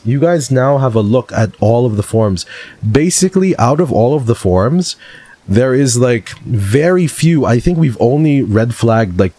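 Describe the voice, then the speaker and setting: A man's voice: mid-range voice, dark tone, no room sound. A man streaming live, reacting in casual, exasperated commentary full of swearing.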